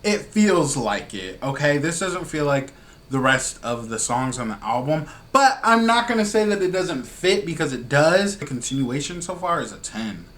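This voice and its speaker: A man hosting a music reaction video, talking in an excitable, slangy, gushing way. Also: fairly high pitch, moderate pace. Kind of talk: casual reaction commentary.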